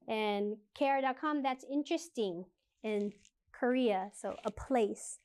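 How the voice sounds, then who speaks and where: A woman with a fairly high voice gives an English lesson. She models each practice phrase slowly and clearly, then says it again for learners to copy. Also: darkish tone. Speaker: English teacher.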